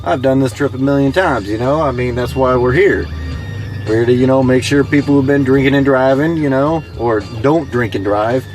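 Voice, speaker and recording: A man's voice: mid-range voice, moderate pace, darkish tone, soft background music. A man who drives for a ride share service, telling stories casually with lots of fillers and quoting his passengers. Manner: conversational, many fillers, mimics passengers in quoted lines. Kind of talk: casual storytelling. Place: in a car.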